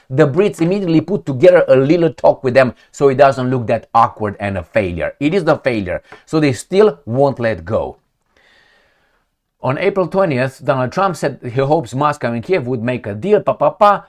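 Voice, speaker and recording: A man giving opinionated commentary on news headlines, mocking and emphatic, often repeating himself for effect. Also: mid-range voice. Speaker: political commentator.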